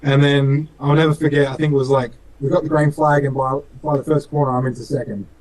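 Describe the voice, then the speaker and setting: A man's voice: mid-range voice, steady tone, quick pace, a little mellow, low-quality recording. Earnest young Australian man rambling. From Western Australia. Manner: earnest, rambling storyteller with many fillers. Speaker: racing driver guest. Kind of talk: casual storytelling interview.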